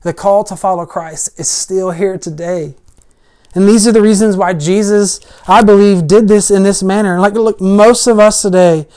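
A preacher giving a conversational sermon. They retell a story in plain, everyday words, using frequent "like" and "I mean", and get louder on the key points. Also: mid-range voice, fairly even intonation, normal speed, smooth.

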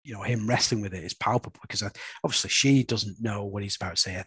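Fast and a bit bright, with a slightly rough edge, a lowish male voice comes through a dry recording. He's a father, young adult or middle-aged, running a laid-back comics review podcast and tacking questions like "isn't it?" onto the end of his points.

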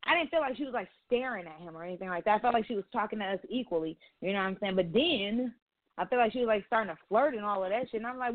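A woman's voice: mid-range voice, rapid-fire, no room sound. A woman co-hosting a podcast, telling stories in a blunt, profane, casual way. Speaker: podcast co-host. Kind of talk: casual chat. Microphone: phone call. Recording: tinny phone-line sound.

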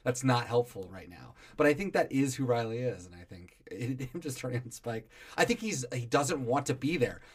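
A man's voice: mid-range voice, expressive, moderate pace, hardly any pauses, slightly rough. A man co-hosting a casual podcast about a TV show, laid-back and swearing casually. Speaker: podcast co-host. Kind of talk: casual chat, TV episode recap.

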